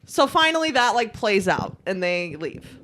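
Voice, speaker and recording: A woman's voice: medium pitch, very animated, a little slow, a bit bright. A young woman co-hosting a podcast, telling a vacation story in a rambling, casual way, with lots of swearing, fillers and laughs. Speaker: podcast co-host.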